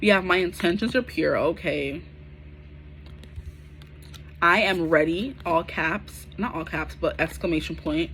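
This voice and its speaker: A woman in her twenties doing a casual, chatty tarot reading to camera, full of slang and animated asides. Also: lowish voice, unhurried, slight background noise. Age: 20s. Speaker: tarot reader.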